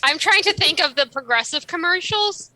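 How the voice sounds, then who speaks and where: A woman's voice: very high-pitched, animated, moderate pace, pushed and bright, dry recording. A woman player chatting and joking casually on a tabletop game stream.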